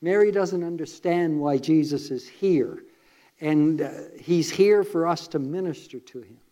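A man's voice: fairly high pitch, unhurried, dark tone. A man preaching a sermon, retelling a story in a conversational way with asides to listeners.

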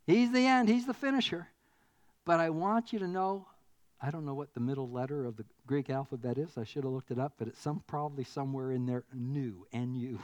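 Earnest preacher, mid voice, builds up to loud big statements. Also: medium pitch. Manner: earnest, building to emphatic declarations. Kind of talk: sermon.

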